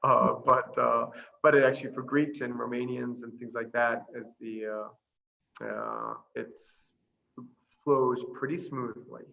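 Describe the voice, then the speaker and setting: A middle-aged man, a priest, chatting casually over a video call and patiently teaching a short phrase, slowing down to spell out each sound. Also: mid-range voice, animated, gravelly, lo-fi sound. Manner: warm, chatty, laughs easily, slows down to spell out sounds. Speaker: priest and missionary guest.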